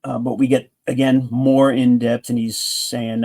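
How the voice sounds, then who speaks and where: Gravelly-voiced man rambling through a comic review. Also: medium pitch, level tone, a little slow, few pauses, a little mellow. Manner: enthusiastic, rambling retelling with frequent restarts. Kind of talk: casual comic book review.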